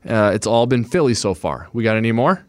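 A man hosting a sports podcast, moving briskly through segments like an announcer. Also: mid-range voice, expressive, darkish tone, dry recording. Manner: brisk, announcer-like wrap-ups. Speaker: podcast host.

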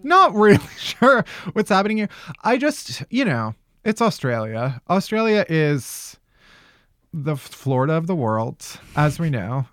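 A man's voice: fairly high pitch, very animated, measured pace, fairly bright tone, no echo, clean studio sound. A man hosting a podcast, chatting and joking with many "like" fillers. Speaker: podcast host. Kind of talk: casual comedic podcast chat.

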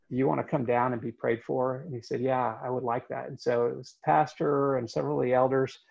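A man tells a story in an earnest, halting way, pausing on fillers. His voice is gravelly and husky. The audio sounds dull and lo-fi. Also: mid-range voice, a little mellow. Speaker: guest telling a story. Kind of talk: storytelling in conversation.

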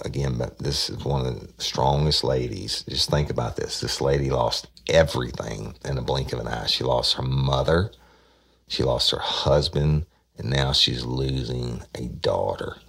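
A man's voice: very deep voice, vocal fry, fairly bright tone, breathy edge. A middle-aged man, a retired detective telling an old case in plain, rambling speech full of quoted dialogue. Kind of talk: casual spoken true-crime storytelling.

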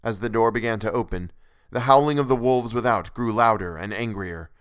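A man's voice: fairly low pitch, brisk, clear, resonant tone, dry recording. A man narrating a classic novel in the first person with earnest, dramatic delivery, recorded on a close microphone.

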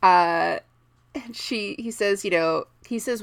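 A woman's voice: medium pitch, slow, vocal fry, clean tone, dry recording. A woman chatting casually about a book, retelling scenes with playful put-on quotes and frequent laughter. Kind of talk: casual book discussion chat.

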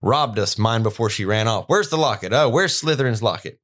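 A man's voice: medium pitch, lively intonation, a little fast, fairly bright tone. A man voicing a drunken, hostile grown man who talks in coarse, rustic dialect. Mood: bitter.

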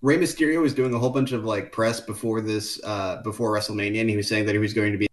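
A man's voice: on the low side, steady tone, quick pace. A man co-hosting a casual podcast, rambling with fillers and laughs. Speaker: podcast co-host. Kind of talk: casual chat.

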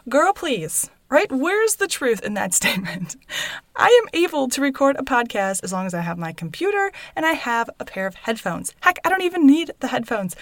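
A woman in her thirties hosting a solo podcast, chatty and upbeat, often tagging her sentences with a quick "right?". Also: high voice, dry recording. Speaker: podcast host. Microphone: recorded without her usual studio mic.

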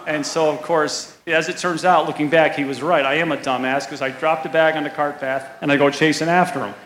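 Fast-talking man telling a story. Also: fairly high pitch, roomy sound, a little hiss or hum, rough recording. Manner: animated anecdote teller, quick and self-mocking. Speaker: tour caddie. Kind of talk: storytelling interview guest.

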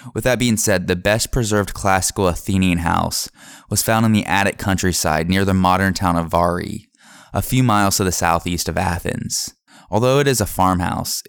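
Deep-voiced man, gravelly tone, measured scripted history narration, dry close sound. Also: no room sound. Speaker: history podcast host.

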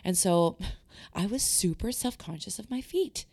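A woman's voice: mid-range voice, animated, unhurried, darkish tone, dry recording. A middle-aged woman in casual conversation, chatty and self-deprecating, often laughing as she talks. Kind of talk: casual chat.

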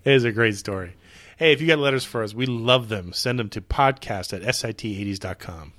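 A man's voice: lowish voice, a little fast, very noisy. A man co-hosting a podcast, chatting casually and reading out show segments. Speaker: podcast co-host. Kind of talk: casual chat.

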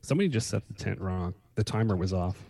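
A man co-hosting a casual podcast, speaking haltingly with restarts and fillers. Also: low-pitched, lively intonation, creaky, warm tone, no room sound. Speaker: podcast co-host. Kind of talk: casual chat.

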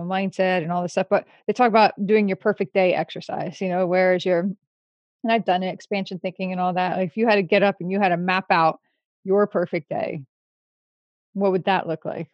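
An interviewer in casual conversation, asking probing, encouraging questions with halting restarts. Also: mid-range voice, no echo, lo-fi sound.

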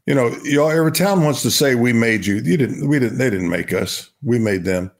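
An older man from Oklahoma, a guest telling stories in a relaxed interview, often repeating words as he goes. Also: mid-range voice, brisk. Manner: storytelling, repeats himself, warm laughs. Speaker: guest, retired baseball player.

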